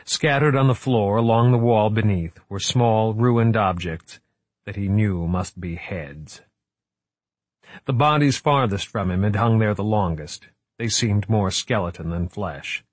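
A man reading a suspense novel aloud in a measured, steady narrating voice. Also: on the low side, dry recording. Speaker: audiobook narrator. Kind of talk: scripted narration.

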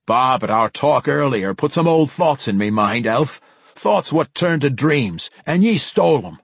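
A man voicing a gruff old male dwarf warrior with a thick brogue, in a storybook reading. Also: medium pitch, sing-song, a little slow, dry recording, pitched above the performer's own voice, exaggerated voice.

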